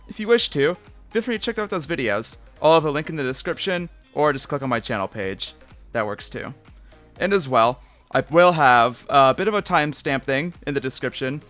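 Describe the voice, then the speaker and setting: A man's voice: mid-range voice, fairly bright tone. A man giving a casual, rambling gameplay tour of his build, often correcting himself and joking aside. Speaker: Minecraft YouTuber giving a base tour.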